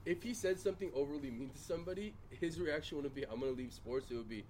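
A man's voice: fairly high pitch, quick pace, darkish tone, a little hiss or hum. A man in casual podcast chat, laid-back and joking as he tells a story about a friend.

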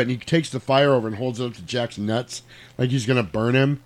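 A man's voice: medium pitch, normal speed. Guy hyped up retelling a movie to his buddy, cussing and laughing. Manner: animated, profane, laughs while telling. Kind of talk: casual chat retelling a movie.

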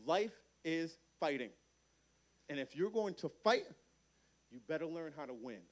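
A man preaching a lively youth sermon at a camp meeting, acting out voices in his stories. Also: on the high side, a little slow. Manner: energetic preaching, acts out voices in quotes. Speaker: camp speaker.

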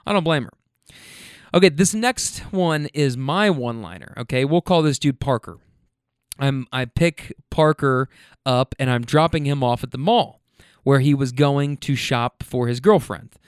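A man's voice: mid-range voice, unhurried, clean tone, no room sound, studio quality. A rideshare driver hosting his own show, telling funny stories from his rides in a loose, laughing way with lots of restarts. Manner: laughing, animated, stumbling restarts. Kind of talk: casual storytelling. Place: Louisville.

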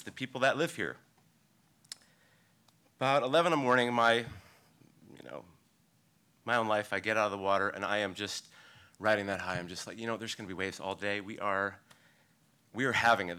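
A man, a local surfer, telling a personal story live on stage, in a vivid, halting way that swings between excited bursts and hushed passages. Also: on the low side. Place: live storytelling event before an audience.

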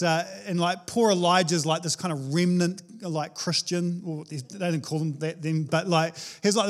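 Chatty animated pastor, high voice. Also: male voice. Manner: animated, chatty, frequent fillers and restarts. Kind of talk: casual conversational sermon. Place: church.

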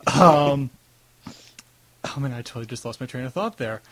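A man's voice: mid-range voice, normal speed, fairly bright tone. A man with a Long Island accent hosting an interview, easygoing and chatty, laughing along. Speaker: podcast host. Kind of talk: casual interview chat.

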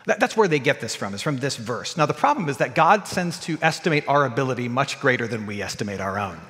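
A man preaching a sermon to his congregation, moving between loud emphatic lines and quiet low ones. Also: big pitch swings, fast, hardly any pauses. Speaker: pastor. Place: church sanctuary. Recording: church hall with long reverb.

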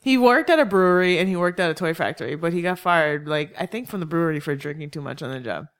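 A woman's voice: low-pitched, fast. A woman in her thirties co-hosting a casual chat, teasing and playful in her asides. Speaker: podcast co-host.

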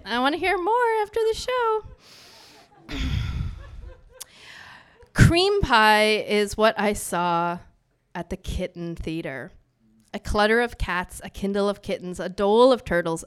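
A woman delivers spoken-word poetry live from a bar stage, her voice smooth and clear. She is brash and profane, teasing the crowd with playful banter. Her pitch sits in an ordinary middle range.

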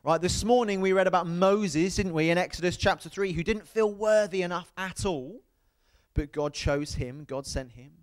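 A male preacher gives a sermon in a church. His voice sits a little high, and his storytelling is lively. He keeps checking in with the congregation. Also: moderate pace. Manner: lively storytelling, asks the crowd "right?". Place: church hall.

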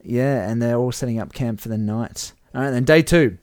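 A man in casual chat, reading out game events with animated play-by-play. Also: medium pitch, moderate pace, no room sound, clean studio sound. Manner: animated play-by-play, chuckling at the results. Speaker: host running a whisky-themed game simulation.

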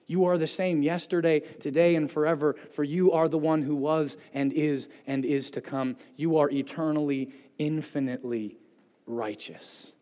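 Guy preaching in a church, kinda higher voice, big echoey hall, gets loud on the key words then drops way down. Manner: earnest preaching, rises for emphasis and drops low to close points. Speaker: pastor. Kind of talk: sermon. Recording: long reverb of a church hall.

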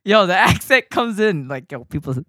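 A man's voice: sits high, big pitch swings, moderate pace, a bit bright, no echo, studio quality. An American man co-hosting a podcast, telling stories in a rambling, laughing, profane way. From United States. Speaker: podcast co-host. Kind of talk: casual chat.

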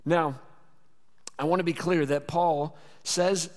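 Earnest pastor in an echoing hall. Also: male voice, on the high side, fairly even intonation, slow. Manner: earnest, conversational preaching with spoken prayers. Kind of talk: sermon. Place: church sanctuary.

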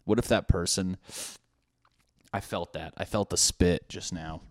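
A man's voice: low voice, steady tone, moderate pace, no room sound, clean studio sound. A man hosting a solo comedy podcast, rambling through profane tangents with laughing asides. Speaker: podcast host.

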